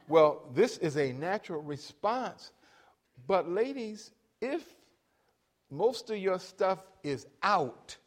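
A man's voice: a little high, very animated, unhurried. A middle-aged man preaching a sermon as pastor, calling on the congregation for amens between points. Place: church.

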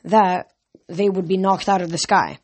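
A reader reading a novel aloud, halting and restarting often. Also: medium pitch, fairly even intonation.

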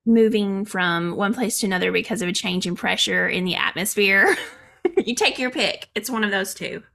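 A woman's voice: medium pitch, normal speed, gravelly, fairly bright tone. A woman in her thirties with a Southern country accent, chatting playfully and laughing often as co-host. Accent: American Southern country. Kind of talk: casual chat.

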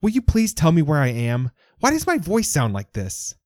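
A man's voice: fairly high pitch, huge pitch swings, a little slow, dark tone, breathy edge, no echo, studio quality, pitched above the performer's own voice, exaggerated voice. A man voicing a young woman possessed by an old man's spirit, speaking in a 1940s movie accent with brusque, urgent demands, as an audiobook character.

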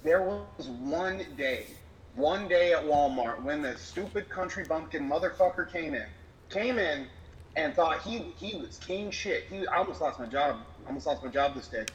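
A man's voice: fairly high pitch, animated, moderate pace, a little hiss or hum, low-quality recording. A man on a podcast ranting in a fired-up way, swearing often as he tells a story. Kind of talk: casual chat, heated rant.

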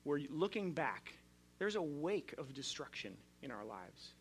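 A man's voice: a little high, sing-song, a little slow, a little hiss or hum. A male pastor preaching a sermon in a conversational, storytelling way, often restarting his sentences.

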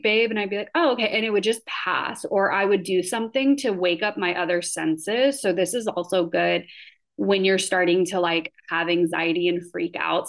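A woman in her thirties telling a personal story in a casual vlog, chatty and full of fillers. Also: on the low side. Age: 30s. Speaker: vlogger.

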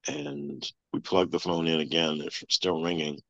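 A man telling a long personal story as an interview guest, in a flat, matter-of-fact way. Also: low-pitched, a little slow, vocal fry, no echo. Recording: dull lo-fi sound.

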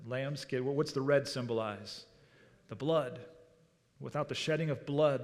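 A male pastor preaches a sermon in a church sanctuary. His delivery rises and falls, and he often asks the congregation questions before he answers them. His voice carries a long hall reverb. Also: on the high side.

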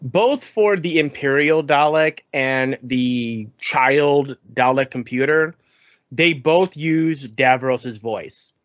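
An animated man in casual podcast chat, mid-pitched and lively, who stumbles over repeated words and breaks into mimicry. The sound is dry and close, a little dull and lo-fi. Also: takes it slowly, dry recording. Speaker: podcast co-host.

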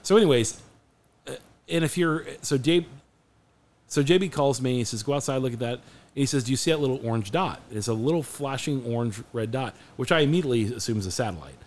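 Dude rattling off a story fast on a podcast, animated, trips over his words. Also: mid-range voice. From Phoenix area, USA. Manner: animated, restarts a lot, acts out quotes. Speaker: podcast co-host. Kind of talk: casual storytelling chat.

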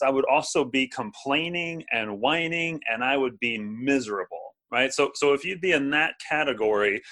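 A man's voice: medium pitch, a bit bright. A man preaching a sermon, often repeating words and asking the listeners to respond. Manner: halting, repeats words, asks audience to respond. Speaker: pastor. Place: streamed over video call and social media.

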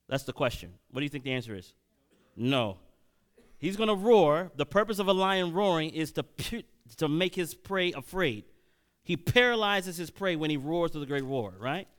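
Smooth-voiced preacher man, fast and rising. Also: on the high side, expressive, a bit bright. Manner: reads scripture slowly, then preaches fast with questions to the congregation. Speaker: preacher leading Bible study. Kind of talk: sermon-style Bible teaching.

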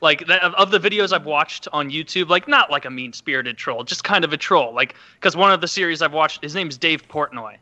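A man co-hosting a podcast, chatting casually and telling stories with quick impressions of people. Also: fairly high pitch, animated, bright, forceful tone, dull audio. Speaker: podcast co-host. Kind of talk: casual chat.

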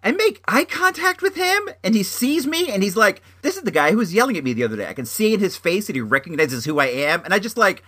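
A man's voice: high-pitched, big pitch swings, fast talker, few pauses, bright, forceful tone. A young man telling a rambling story in a casual vlog, with lots of fillers and restarts. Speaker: vlogger.

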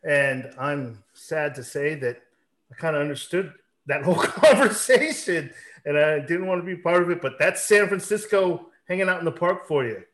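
A man in his forties hosting a casual podcast, telling a long rambling story with animated asides. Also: fairly high pitch, moderate pace. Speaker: podcast host.

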